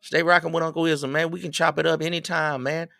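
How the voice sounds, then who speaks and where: A middle-aged man, hosting a livestream and giving preachy, animated advice to his viewers. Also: a little high, fast, vocal fry, no echo, clean studio sound. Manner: preachy, animated, quotes others in raised voices. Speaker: livestream host. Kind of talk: casual advice talk to viewers.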